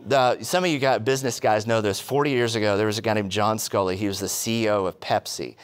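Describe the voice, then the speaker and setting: A man preaching a sermon, telling stories with quick humorous asides and rhetorical questions. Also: lowish voice, clear, resonant tone. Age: adult, past college. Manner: animated storytelling with asides. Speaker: pastor.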